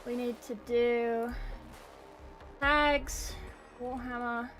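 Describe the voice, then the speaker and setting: Chatty woman streamer, slightly high voice. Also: steady tone, extremely slow, fairly bright tone, soft background music. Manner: chatty, rambling, swears freely; talks to chat, thanks followers. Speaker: game streamer. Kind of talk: casual live-stream chat.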